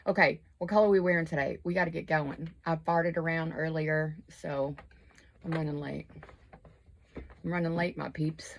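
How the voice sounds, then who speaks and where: A woman's voice: low-pitched, fairly even intonation, normal speed, creaky. A woman, chatting casually and rambling while she does her makeup at home. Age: 50s. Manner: rambling, chatty, self-deprecating. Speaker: crochet and makeup vlogger. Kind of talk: casual chat while getting ready.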